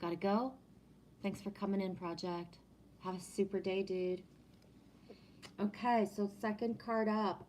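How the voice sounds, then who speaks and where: A woman's voice: medium pitch, normal speed, a little hiss or hum. Chatty woman with a French accent. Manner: relaxed, chatty, greets viewers by name. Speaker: live streamer. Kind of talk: casual live-stream chat and oracle card reading.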